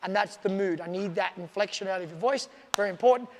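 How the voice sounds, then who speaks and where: A man's voice: sits high, fast, in a large hall. A man teaching dog training in a casual video, emphatic and repetitive, often acting out commands aloud. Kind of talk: casual instructional video talk.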